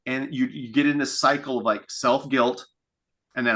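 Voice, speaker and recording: A man's voice: mid-range voice, fairly even intonation, moderate pace, a bit bright. A man giving a reflective coaching talk, thinking aloud with restarts and acting out inner thoughts in quotes. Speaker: fitness coach. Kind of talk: coaching call monologue.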